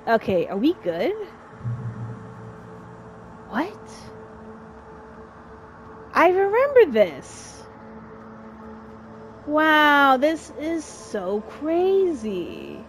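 A woman giving casual let's-play commentary on a horror game, chatty and excitable, talking to herself and shouting at the game. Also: high voice, very slow, long pauses, slight background noise. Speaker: gamer playing a horror game.

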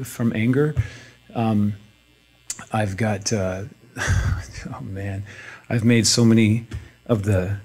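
A middle-aged man pastor speaking in a church, conversational and self-deprecating, with halting restarts. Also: on the low side. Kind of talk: casual sermon talk.

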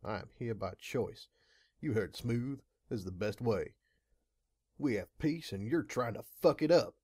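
A man's voice: mid-range voice, animated, measured pace, warm tone, husky, no echo, studio quality. A man voicing a stallion raider who speaks to his sibling with cold, cutting contempt in an audiobook. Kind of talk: audiobook narration.

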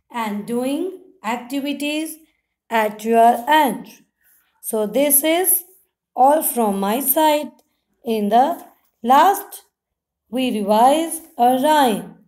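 A woman teacher with an Indian English accent, slowly singing rhymes and chants for young pupils to repeat. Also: on the high side, darkish tone. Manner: slow, sing-song, repetitive chanting.

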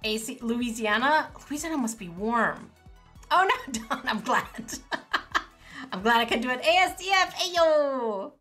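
A woman streaming a game live with her viewers, excitable and giggly, full of exclamations. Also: high voice, a little slow, faint music behind. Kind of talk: casual live gaming commentary.

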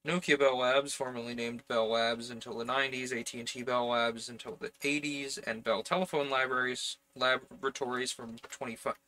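A man narrating a solo tabletop game, speaking as his character in the first person plural. He muses and wanders through the telling in a reflective way. His voice is bright and sits at a middle pitch. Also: flat delivery, moderate pace, few pauses, slight background noise.

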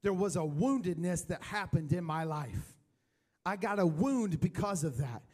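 A man preaching a sermon in church, telling his personal testimony, rising loud for emphasis and dropping to a hushed voice when emotional. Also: high-pitched, expressive, unhurried. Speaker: pastor.

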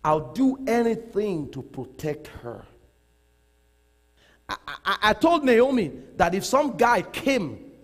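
A middle-aged male pastor preaches in an animated way, laughing and repeating himself for emphasis. His voice is high for a man, slightly husky, and swings up and down a lot. His words are slow and drawn out and carry the long reverb of a large hall. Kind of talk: sermon.

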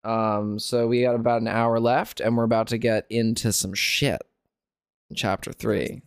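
A chatty man hosts a live gaming stream in a playful, easygoing way. His voice is mid-pitched and close to the mic, in a very dry room. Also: fairly even intonation, moderate pace, clear, resonant tone, no echo. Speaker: streamer host. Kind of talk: casual live stream chat.

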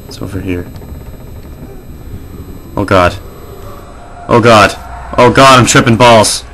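A man hosts a let's play of a horror game, jumpy and excitable, cursing and yelping at every scare. His voice is bright and a touch low, and he talks slowly between outbursts. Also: slight background noise. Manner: jumpy and excitable, swears, laughs and yelps. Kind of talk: gameplay commentary.

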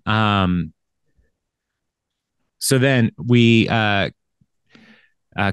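Low-voiced man rambling through an episode recap. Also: smooth, no echo, studio quality. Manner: rambling, laughing, full of fillers. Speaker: podcast co-host. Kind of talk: casual chat recapping an episode.

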